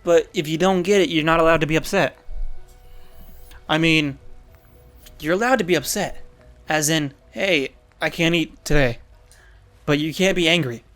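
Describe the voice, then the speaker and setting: A young man with a fairly high voice commenting over a video game. He is opinionated and teasing and laughs often, while faint game music plays behind him. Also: normal speed, pauses often, fairly bright tone. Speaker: gaming commentator. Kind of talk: casual gameplay commentary.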